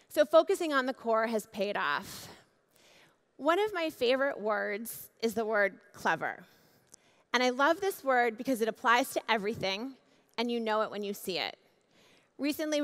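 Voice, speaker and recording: Keynote lady on stage, kinda high voice, big hall echo, slows down for emphasis. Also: a bit bright. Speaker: keynote speaker. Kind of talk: conference keynote speech. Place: large conference hall. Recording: long hall reverb.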